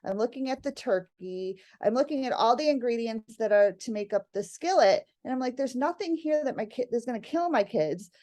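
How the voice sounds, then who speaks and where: A middle-aged woman with a fairly high voice tells a family story as a guest. She speaks in a lively, animated way, laughing often and acting out the voices of her kids and husband. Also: a little fast, hardly any pauses. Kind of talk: casual storytelling interview.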